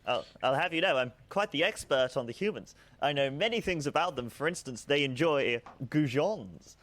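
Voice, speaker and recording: A man's voice: fairly high pitch, lively intonation, normal speed, a bit bright. A man voicing a boastful, eccentric half-orc male mercenary with a theatrical put-on accent in a tabletop role-play. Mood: pompous.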